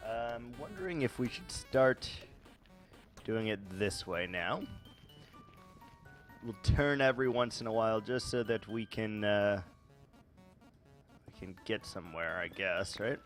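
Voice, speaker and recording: A man's voice: fairly low pitch, lively intonation, a little slow, long pauses, soft background music. A man doing unedited commentary over his Minecraft gameplay, thinking aloud with many fillers. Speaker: Minecraft let's-play host.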